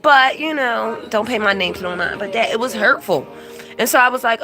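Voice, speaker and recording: A woman's voice: a little high, animated, fairly quick, over music. An older woman vlogging at home, telling stories to the camera in a chatty, dramatic way and acting out what people said. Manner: dramatic, chatty, acts out quotes. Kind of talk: casual storytelling to camera. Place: home living room.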